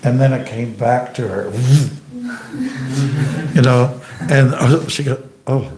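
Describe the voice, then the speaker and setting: A monk giving an informal scripture class in a temple hall, telling anecdotes, joking and quizzing the audience. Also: male voice, mid-range voice, takes it slowly, a crowd in the background. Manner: chatty and joking, asks the audience questions.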